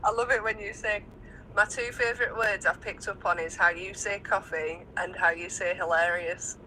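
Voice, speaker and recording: A woman's voice: mid-range voice, fairly even intonation, moderate pace, sharp tone, slight background noise, low-quality recording. A woman with a Yorkshire accent chatting playfully as a guest on a livestream call. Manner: friendly, teasing, playful. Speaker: stream guest. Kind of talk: casual chat over a stream call.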